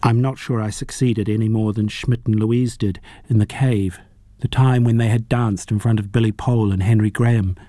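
A man narrating a novel as an audiobook reader, in a measured, even storytelling manner. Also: on the low side, no echo, studio quality. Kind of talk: audiobook reading.

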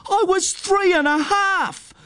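Storybook figure: hot-headed farm boy, shouting, pitched well above the reader, man reading. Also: takes it slowly, dry recording, full character voice. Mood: heated. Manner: shouting, defensive.

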